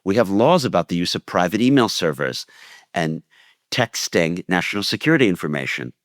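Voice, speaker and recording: A man's voice: low-pitched, expressive, brisk, dry recording, clean studio sound. A man co-hosting a political podcast, arguing with passion and emphasis. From United States. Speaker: podcast co-host.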